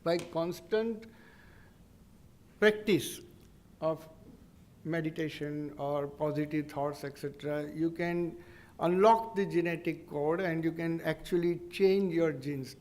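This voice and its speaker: This Indian English-accented man, a neurologist, gives an earnest public lecture that explains as it goes, with frequent pauses and restarts. His voice is fairly high in pitch with a darkish tone.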